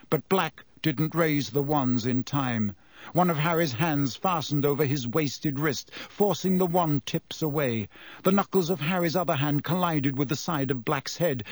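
A man reading a story aloud in measured scripted narration. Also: a little high, dry recording. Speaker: audiobook narrator.

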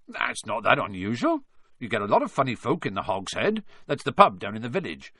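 A man's voice: medium pitch, wildly swooping pitch, fairly quick, sharp tone, husky, no room sound, studio quality, full character voice. Man voicing a big, casual, chatty gamekeeper.

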